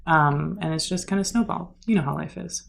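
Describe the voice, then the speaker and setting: Young woman guest, low voice, rambling anecdote style, lots of "like" and "um". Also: fairly quick, vocal fry. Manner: chatty, many fillers and "like"s. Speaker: podcast guest, yoga teacher. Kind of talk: casual storytelling.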